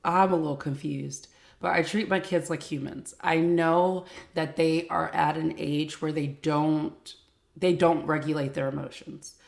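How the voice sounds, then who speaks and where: Woman, live stream host, frank casual chat, gravelly, echoey home room. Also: low-pitched, fairly even intonation, measured pace. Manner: chatty, frank, swears casually.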